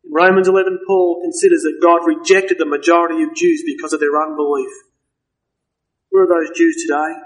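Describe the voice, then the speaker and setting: A man preaching a sermon, earnest and emphatic, slowing down to stress key words. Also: on the high side, flat delivery, rough recording.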